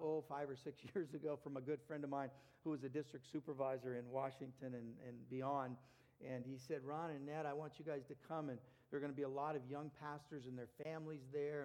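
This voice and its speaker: A middle-aged man preaching a sermon as pastor, acting out little dialogues with lively swings in his voice. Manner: animated, acts out dialogue with big pitch jumps.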